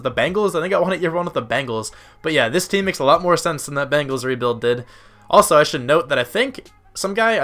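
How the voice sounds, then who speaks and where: A man's voice: mid-range voice, sharp tone. A young man giving casual gameplay commentary, chatty and thinking aloud with lots of fillers. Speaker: gaming YouTuber.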